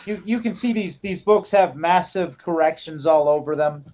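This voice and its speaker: High-voiced man running a tabletop game. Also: a little mellow. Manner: halting, with many fillers and restarts. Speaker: dungeon master.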